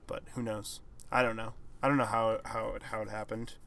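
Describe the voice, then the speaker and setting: A man's voice: on the low side, little pitch movement, fairly quick, vocal fry. Rambling young man, casual podcast chat. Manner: rambling, hedging, trailing off quietly. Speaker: podcast co-host.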